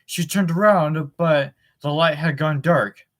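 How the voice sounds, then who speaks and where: A man's voice: a little high, slow pace. A man reading a novel chapter aloud in a plain voice, with occasional fillers and self-corrections. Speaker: audiobook reader.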